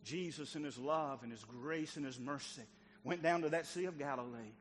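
A man pastor preaching a sermon in a church, acting out the voices of biblical figures and swinging between loud calls and quiet, tender passages. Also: on the high side, moderate pace, long reverb tail, slight background noise. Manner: dramatic preaching, acts out biblical dialogue, swings loud to soft. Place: church sanctuary.

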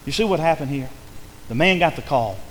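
A man's voice: on the high side, lively intonation, fairly quick. Fiery preacher man, echoing hall. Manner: impassioned, rising to near-shouts on key words; acts out a doubting listener's voice in quotes. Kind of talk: sermon. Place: church sanctuary. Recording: long hall reverb, faint background noise.

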